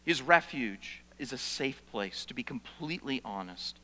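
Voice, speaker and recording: A male pastor preaching a sermon, swinging between hushed, intimate passages and loud, pleading outbursts. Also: mid-range voice, expressive, normal speed, big-room sound.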